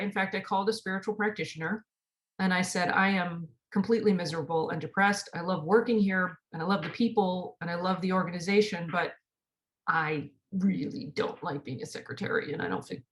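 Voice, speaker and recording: A middle-aged woman speaks as the host of a spiritual talk, working through a personal story. Her voice sits at a medium pitch, and she slips into the quoted dialogue as she tells it. The telling stays earnest throughout.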